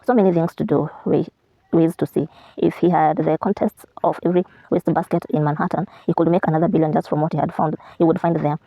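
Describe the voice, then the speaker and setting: Fast gravelly woman reading aloud. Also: sits low, dry recording, poor audio. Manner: steady with small slips and restarts.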